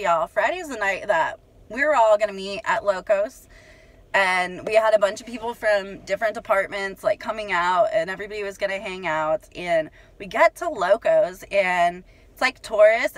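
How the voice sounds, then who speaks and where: A young woman, telling a story in casual vlog chat, chatty and animated, with many fillers and laughs. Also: on the low side, no room sound, rough recording. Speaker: vlogger.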